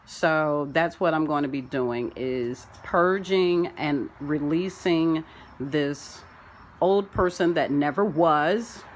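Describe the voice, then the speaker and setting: A woman's voice: deep voice, a little hiss or hum. A woman vlogging from home, rambling through a preachy spiritual monologue full of folksy sayings.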